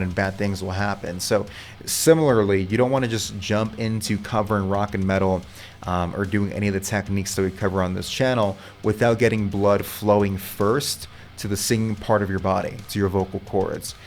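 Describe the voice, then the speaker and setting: Casual, low-voiced man coaching singers. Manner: casual and chatty, with loose swearing. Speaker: vocal coach. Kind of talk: casual instructional talk.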